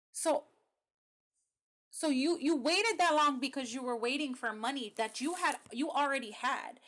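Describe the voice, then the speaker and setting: A young adult woman runs a call-out commentary, reacting to clips with blunt, sarcastic remarks and casual swearing. Her voice sits high. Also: fairly bright tone.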